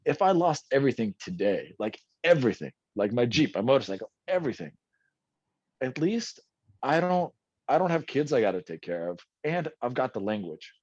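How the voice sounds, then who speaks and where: A man's voice: medium pitch, very animated, normal speed, darkish tone, dry recording. A man in his thirties chatting casually as a podcast guest, rambling with many restarts; English is not his first language. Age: 30s. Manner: rambling, frequent restarts and fillers. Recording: dull dry sound.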